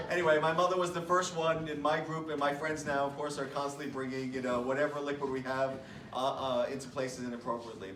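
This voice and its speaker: The son of the departed, a middle-aged man with a fairly high pitch, raises a toast at a memorial gathering, far from the mic in an echoey room with background noise. He jokes at his own expense, laughs through his stories, and his voice sometimes breaks with feeling.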